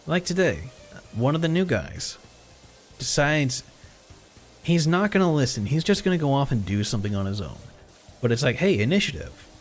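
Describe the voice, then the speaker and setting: A man's voice: mid-range voice, moderate pace, pauses often, soft background music. A man streaming live, casually telling a story full of quoted back-and-forth, with frequent swearing and chuckles. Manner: animated retelling with quoted dialogue, swearing, chuckles. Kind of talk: casual storytelling while gaming.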